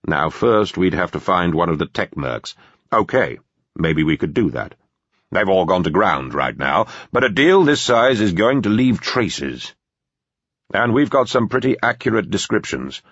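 A man voicing a calm, formal male security chief with a measured manner. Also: on the low side, husky, no room sound, dull audio, pitched above the performer's own voice, heavily acted. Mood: explaining.

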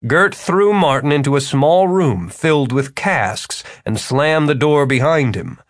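A man narrating an audiobook, with expressive storytelling. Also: fairly high pitch, unhurried, no echo, studio quality. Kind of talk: scripted narration.

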